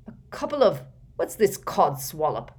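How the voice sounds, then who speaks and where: A woman's voice: low voice, sing-song, a little slow, darkish tone, slightly rough, exaggerated voice. Uncle Vernon, a woman voicing a roaring bully. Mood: furious. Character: blustering middle-aged man, furious bully.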